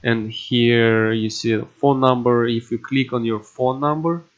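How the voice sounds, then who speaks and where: A man at his computer walking through a coding tutorial, halting and filling pauses with "you know" and "um". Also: mid-range voice, fairly even intonation. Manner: halting, with many fillers and restarts. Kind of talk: casual screen-recorded coding tutorial. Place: at a computer indoors. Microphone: desktop microphone. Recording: dull lo-fi desk mic.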